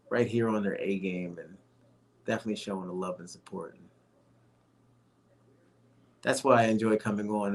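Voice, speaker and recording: A man's voice: fairly low pitch, creaky. Chatty man hosting a livestream. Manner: rambling, chatty, many fillers and restarts; friendly, addresses viewers as folks. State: a little winded and tired. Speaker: livestream host. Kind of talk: casual livestream chat.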